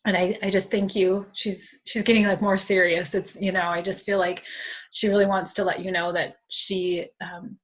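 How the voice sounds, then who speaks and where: A woman leading a spiritual group reading as a medium. She talks in a chatty, giggly way, full of fillers and thank-yous, at a middle pitch. The sound is dull and lo-fi. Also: little pitch movement, moderate pace.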